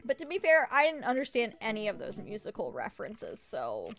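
A woman streamer chatting casually and reading game dialogue aloud with quick asides. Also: mid-range voice, huge pitch swings, creaky, a bit bright, soft background music.

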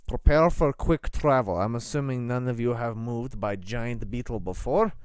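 A man voicing a stern female prelate in a tabletop game, with a put-on Russian accent and a low, clipped, officious delivery. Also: normal speed, a little mellow, clean tone, no echo, close to an everyday voice.

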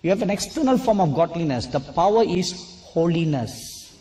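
A man preaching a sermon and telling a personal story, slow and deliberate, at times scolding the audience. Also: a little high, expressive, mellow.

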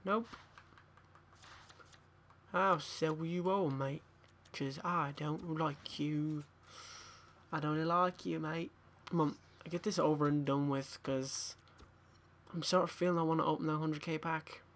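A man's voice: on the high side, fairly even intonation, slow pace, long pauses, fairly bright tone. Sweary young man muttering. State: tired, yawning. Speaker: gaming YouTuber. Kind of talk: pack-opening commentary.

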